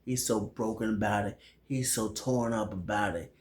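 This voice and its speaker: A man's voice: lowish voice, steady tone, normal speed, darkish tone, echoey room. A man recapping a movie in a slangy, rambling way, with lots of fillers. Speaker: movie reviewer.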